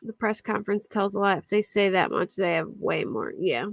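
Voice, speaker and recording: A woman's voice: medium pitch, lively intonation, moderate pace, gravelly, dry recording. Chatty young woman streaming true crime. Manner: chatty, reads and answers viewers' comments. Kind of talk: casual live-stream chat. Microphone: desk mic at a computer.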